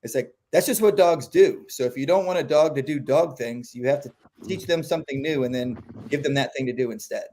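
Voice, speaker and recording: A man who trains dogs, talking through training tips in a relaxed, animated way and acting out the quotes he gives. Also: medium pitch, fairly quick. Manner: animated, acts out quotes in voices. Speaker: dog trainer. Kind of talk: casual explanatory chat.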